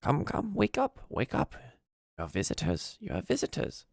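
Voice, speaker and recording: A man voicing a kindly old goblin woman in a tabletop game, speaking in a high, cracked voice. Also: wildly swooping pitch, a little slow, creaky, no echo, studio quality, heavily acted. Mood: coaxing.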